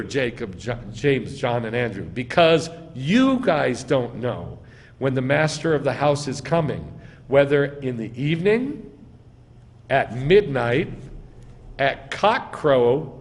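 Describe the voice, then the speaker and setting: A man, a rabbi giving a sermon, who quizzes his congregation and answers his own questions with emphatic stress. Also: medium pitch. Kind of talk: sermon teaching. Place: synagogue sanctuary. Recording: long reverb in a hall.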